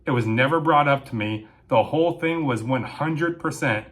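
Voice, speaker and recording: Man, young adult, casual storytelling, animated, lots of quick asides, mid-pitched voice. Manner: animated, with frequent "right?" and "okay?" tags.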